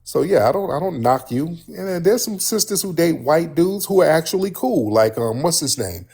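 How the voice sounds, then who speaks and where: A man's voice: a little high, lively intonation, normal speed, gravelly, a little mellow, husky. A man hosting a heated live-stream call-in debate, blunt and combative, talking over his callers. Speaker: livestream host.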